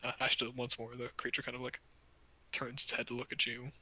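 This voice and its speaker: Breathy, bright game master narrating. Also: male voice, mid-range voice, completely flat delivery, a little fast, poor audio. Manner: casual, loose, full of fillers.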